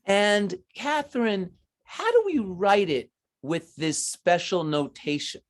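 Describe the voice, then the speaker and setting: A man's voice: sits high, animated, slow pace. A man teaching math to children, patient and encouraging as he explains each step. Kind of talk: online class teaching.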